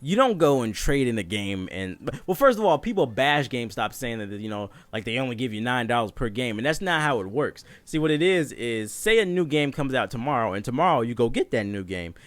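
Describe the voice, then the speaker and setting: A young man telling a comedic story casually, animated and profane, laughing as he goes. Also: mid-range voice, brisk, few pauses, no echo.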